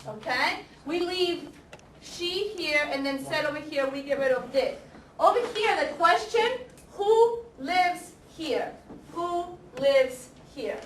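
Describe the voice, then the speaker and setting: A woman teaching an English grammar class, speaking slowly and deliberately, repeating example sentences and quizzing her students. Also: sits high, lively intonation. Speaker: ESL teacher. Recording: echoey classroom, camera far off, faint noise.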